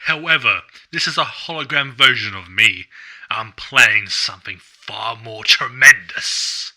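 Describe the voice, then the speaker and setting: A man playing a slow, booming robot pirate villain. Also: bright, forceful tone. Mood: gloating.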